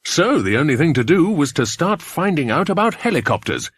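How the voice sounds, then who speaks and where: A man voicing a cheerful, confident grown man who tells his tale briskly, in an audiobook. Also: fairly high pitch, big pitch swings, breathy edge, no echo, studio quality, pitched above the performer's own voice. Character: cheerful, confident adult man, kindly friend. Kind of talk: audiobook character voice.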